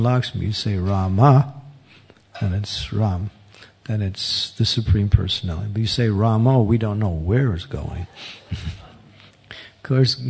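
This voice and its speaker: Husky man giving a chatty spiritual class. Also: fairly low pitch, a little mellow. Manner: chuckles often, rambling storytelling. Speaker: Hare Krishna teacher.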